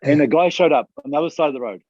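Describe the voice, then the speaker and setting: A man co-hosting a podcast, telling animated stories and acting out what other people said. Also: a little high, very fast, no echo, lo-fi sound. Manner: animated storyteller who acts out other people's lines. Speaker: podcast co-host. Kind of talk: casual podcast storytelling.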